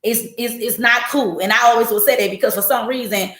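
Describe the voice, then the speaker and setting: A woman's voice: on the high side, a little fast. A woman in her forties hosting a podcast, talking bluntly and with plenty of profanity in a casual monologue to her listeners. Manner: blunt, profane and animated, jumping into quoted voices. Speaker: podcast host. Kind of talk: casual monologue to a live audience. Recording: echoey room.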